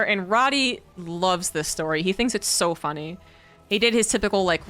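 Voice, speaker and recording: Woman streamer-caster, crisp and smooth voice, animated and profane in casual chat. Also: mid-range voice, no room sound. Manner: animated, rising to incredulous outbursts when quoting herself; chatty, profane, laughs through the tale. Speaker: esports caster. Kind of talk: casual storytelling while casting.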